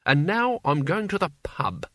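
A man voicing a gruff, irritable old male wizard who snaps his words bluntly and impatiently, in a storybook reading. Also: fairly high pitch, sing-song, measured pace, sharp tone, no room sound, clean studio sound, pitched above the performer's own voice, exaggerated voice. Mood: commanding.

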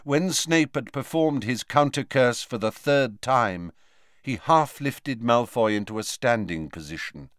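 A man reads a novel aloud as a dramatic audiobook narrator. His delivery is slow and unhurried, and his pitch rises and falls with the action. The sound is close and dry. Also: expressive, fairly bright tone, no room sound. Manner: dramatic storytelling. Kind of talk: scripted narration.

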